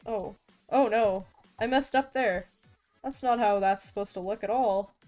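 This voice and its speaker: A woman's voice: medium pitch, a little slow, darkish tone, soft background music. A woman streaming as a vtuber, chatting casually with viewers while drawing, playful and self-mocking with frequent laughs and restarts.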